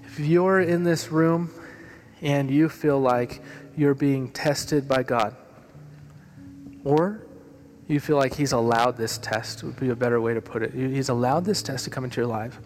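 A man preaching a sermon as a pastor, telling a story with humor and lively delivery in a church hall. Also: mid-range voice, measured pace, slight background noise. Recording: long reverb of a hall.

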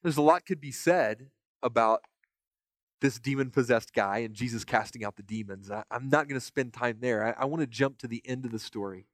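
A man teaching from the Bible in a relaxed, conversational way, reading passages aloud and stopping to comment on them, often repeating a word as he starts a phrase. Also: mid-range voice, brisk, dry recording. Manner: casual, repeats words when starting phrases; reads scripture aloud between comments. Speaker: preacher.

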